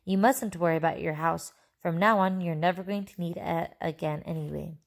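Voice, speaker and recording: An eccentric, excitable chocolate-maker, voiced by a woman reading a storybook aloud. He talks fast, eagerly and commandingly, in a rather low voice with quick bursts. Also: gravelly. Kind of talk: children's book read aloud.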